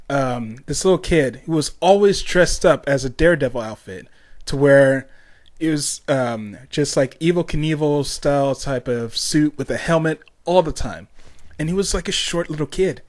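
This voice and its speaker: A man's voice: on the high side, expressive, measured pace, a little mellow. Rambling young man on a solo podcast. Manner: rambling, with many fillers, restarts and tangents. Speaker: podcast host. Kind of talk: casual solo podcast monologue.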